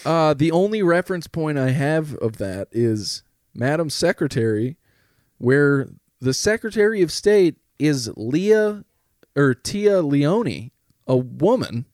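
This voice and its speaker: A man's voice: on the high side, slow pace, no echo, clean studio sound. A podcast co-host, a man, telling a rambling comedic story in casual chat and swearing freely. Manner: rambling, swears often, lively anecdotes.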